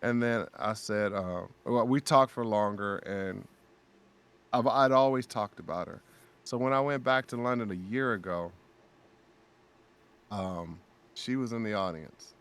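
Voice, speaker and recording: A man's voice: on the low side, unhurried, pauses often, fairly bright tone, smooth. A man telling a heartfelt story on a casual podcast, acting out quoted dialogue with a raised voice and speaking openly about faith and prayer. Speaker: guest voice actor.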